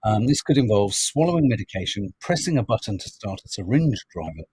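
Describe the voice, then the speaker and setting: A man's voice: fairly low pitch, very animated, brisk, darkish tone, breathy edge, no room sound, poor audio. A man hosting a podcast, chatting wryly about news stories and reading out viewer comments. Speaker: podcast host reading the papers. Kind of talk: casual chat.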